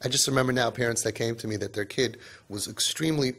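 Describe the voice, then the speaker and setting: Parenting speaker, male, husky voice, emphatic lecture with frequent "right?" asides and big swings in pitch. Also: fast talker, a bit bright. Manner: mixes Yiddish and Hebrew words into English.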